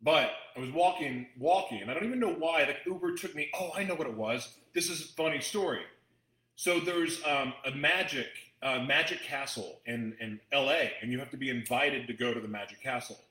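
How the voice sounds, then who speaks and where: A man's voice: mid-range voice, fairly quick, pushed and bright, roomy sound, poor audio. A man hosting a talk, chatting to his audience in a rambling, emotional way with frequent restarts. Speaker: host addressing an audience. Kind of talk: casual storytelling talk.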